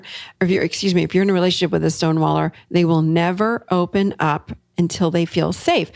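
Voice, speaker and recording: Woman therapist host, middle-aged, low gravelly voice, dry close recording, lively solo talk. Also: no room sound. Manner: animated, acts out client quotes.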